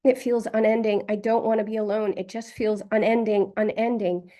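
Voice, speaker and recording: A woman's voice: medium pitch, level tone, dark tone, natural voice. A woman voicing a stammering, shaken therapy client. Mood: distraught. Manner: halting, emotional, stammering. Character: adult woman client reliving infant distress.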